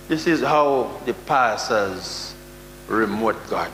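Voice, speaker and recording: A man with a Jamaican accent preaching a sermon, with sudden loud outbursts and mock prayers. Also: lowish voice, lively intonation, slow. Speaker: prophet preaching. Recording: echoey hall with faint hum.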